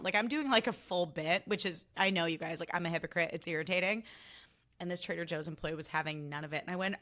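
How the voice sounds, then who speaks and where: A young woman hosting her own podcast, chatting casually in an animated, sassy, self-mocking way. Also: on the low side, quick pace. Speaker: podcast host. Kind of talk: casual solo podcast chat.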